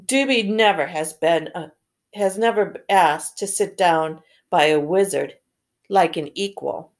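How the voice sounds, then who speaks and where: A woman reading aloud slowly, voicing a timid, anxious male house elf who keeps calling the listener sir. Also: fairly low pitch. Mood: earnest. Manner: earnest, pleading, keeps saying sir.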